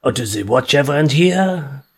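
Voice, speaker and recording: A man's voice: mid-range voice, lively intonation, unhurried, husky. A man playing a cheeky, joking crew member in an amateur audio drama. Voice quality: jokey, loud and playful. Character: cheeky male crew member on a time-travel mission.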